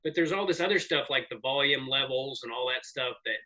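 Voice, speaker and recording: A man in his forties, a comedian guest telling rambling, animated stories in casual podcast chat. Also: medium pitch, a little fast, poor audio. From American South. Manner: rambling, animated storyteller with profanity.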